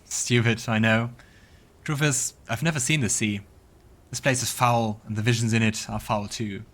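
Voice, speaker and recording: A man's voice: mid-range voice, steady tone, normal speed, fairly bright tone, close to an everyday voice. A man voicing an ashamed, guarded young ranger who mutters.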